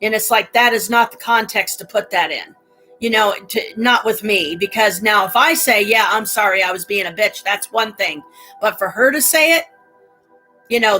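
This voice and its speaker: A woman's voice: medium pitch, bright, forceful tone, poor audio. Angry, profane middle-aged woman ranting. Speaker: livestreamer. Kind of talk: casual venting livestream.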